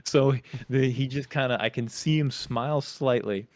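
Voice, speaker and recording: A man co-hosting a podcast, telling a lively story about his days as a Marine and acting out his drill instructors. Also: mid-range voice, normal speed. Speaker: podcast co-host; former Marine. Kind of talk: casual storytelling chat.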